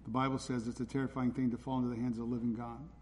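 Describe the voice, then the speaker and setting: A man's voice: medium pitch, little pitch movement, very fast, darkish tone. A man preaching a sermon in a church, urgent and pleading as he presses his listeners. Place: church hall. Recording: hall reverb with faint ambient noise.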